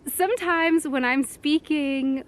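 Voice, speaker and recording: A young woman talks to a handheld camera out in public, chatty and quick to laugh. Her voice sits fairly high and bright, a touch self-conscious. Casual vlog talk. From United States. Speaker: vlogger. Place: outdoors in public.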